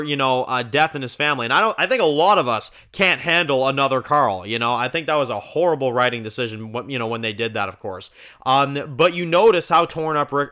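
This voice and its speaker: A man recapping a TV episode for his review channel. He talks in a loose, rambling way, full of "you know" and restarts, and gets excited by his favorite scenes. His voice is bright and forward, at a middle pitch. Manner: chatty, rambling with fillers, excitable. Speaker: TV review host.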